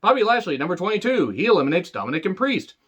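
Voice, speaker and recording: A man's voice: high-pitched, sing-song, very fast, a bit bright, breathy edge. A man reviewing a wrestling show in a casual solo monologue, sarcastic and profane, with rambling asides. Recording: dull lo-fi audio.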